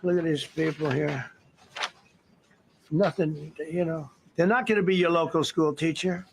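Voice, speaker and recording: A man's voice: a little high, fairly even intonation, a little slow, creaky, slight background noise. A man giving remarks at a press conference, rambling and emphatic with lots of repetition.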